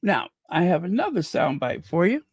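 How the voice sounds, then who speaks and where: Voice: mid-range voice, very animated, normal speed, breathy edge, no echo, clean studio sound. A channel host giving chatty, opinionated commentary with laughing asides. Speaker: host of a royal news channel. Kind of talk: casual commentary.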